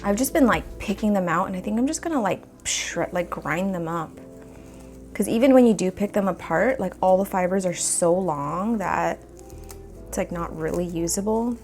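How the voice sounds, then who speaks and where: A woman's voice: fairly low pitch, expressive, normal speed, a little mellow. Young woman chatting into her phone while she repots, rambly with lots of likes and ums, coughs from the dust, bit of music faint behind. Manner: rambling, chatty, thinks aloud with many fillers. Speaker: plant care vlogger. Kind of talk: casual chat while repotting plants. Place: indoors at home, repotting. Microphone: phone camera nearby.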